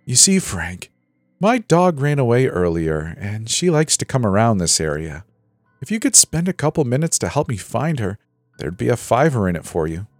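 A man's voice: medium pitch, very animated, moderate pace, dry recording, soft background music, pitched above the performer's own voice. A man voicing a huge, scarred middle-aged male killer who chats jolly and then hisses in a whisper, in a spoken horror story. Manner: jolly cheer turning to hissing whisper.

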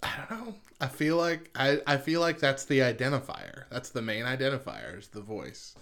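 A man co-hosts a casual podcast, laughing often and swapping gripes with his partner. His pitch moves a lot as he tells his story with mounting exasperation. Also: big pitch swings, normal speed, fairly bright tone. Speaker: podcast co-host. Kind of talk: casual chat.

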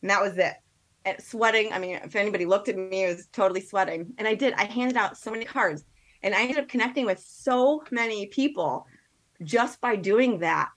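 A woman, a podcast guest, chatting casually and telling a story with quick asides and quoted thoughts. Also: medium pitch. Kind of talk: casual chat.

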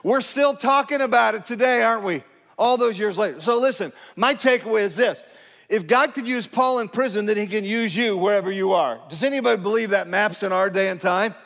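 A man's voice: high-pitched, a little fast, a bit bright, long reverb tail. A male pastor, preaching in a conversational, emphatic way to his congregation. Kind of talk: sermon. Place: church sanctuary.

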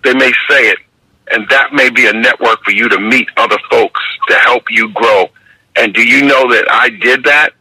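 An older man with a New York accent tells stories in a slow, measured interview manner. His voice is bright and husky, and it sounds dry and tinny, like it is coming over a phone line. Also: mid-range voice, no room sound. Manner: measured, repeats "you understand?". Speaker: guest, basketball referee mentor. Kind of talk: reflective interview storytelling.

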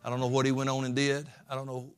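A man preaching a sermon as pastor, folksy, swinging from quiet asides to impassioned pleading. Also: mid-range voice, monotone, quick pace, smooth.

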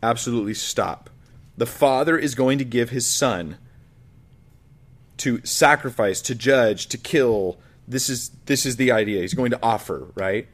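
A man at an ordinary pitch works through a Bible passage verse by verse. He reads aloud and then explains it in an earnest, reflective teaching voice. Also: a little slow. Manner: earnest, reflective, with frequent restarts. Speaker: pastor.

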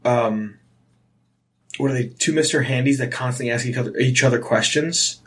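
Young man, podcast co-host, casual chat, profane, stammering restarts, mid-pitched voice. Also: moderate pace, a bit bright.

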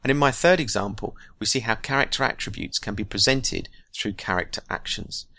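A man hosting a writing podcast, explaining craft in a measured, scripted teaching monologue. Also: fairly low pitch, lively intonation, vocal fry, bright, forceful tone, no room sound.

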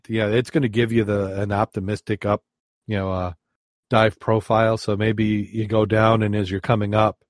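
A man hosting a podcast in casual chat, talking in halting starts. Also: lowish voice, dry recording, clean studio sound. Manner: halting, hesitant. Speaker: podcast host.

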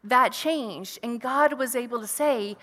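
A woman delivers an earnest, reflective sermon in a bright, forward voice pitched a little high. Her words ring out with a long reverb in a hall. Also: measured pace. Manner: earnest, reflective, asks rhetorical questions. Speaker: preacher.

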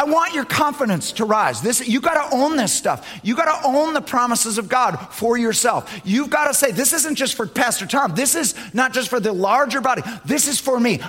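A male pastor preaching in a husky, fairly high voice. He swings from loud, emphatic declarations down to low, quiet asides, and his pitch moves a lot as he drives each point home. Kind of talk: sermon.

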